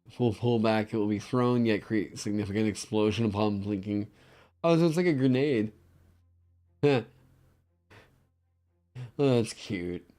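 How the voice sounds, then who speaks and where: A man chatting on a livestream in an excitable way, swearing freely and breaking into laughter. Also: on the low side, measured pace, pauses often. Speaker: streamer designing game content. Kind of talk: casual livestream chat.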